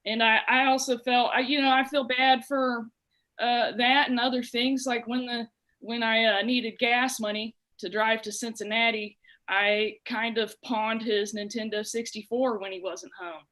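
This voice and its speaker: A young woman from Ohio performing a stand-up set, telling childhood stories with animated impressions. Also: fairly high pitch, a little slow, low-quality recording. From Dayton, Ohio. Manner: animated storytelling with shouted impressions and a sung bit. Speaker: stand-up comedian.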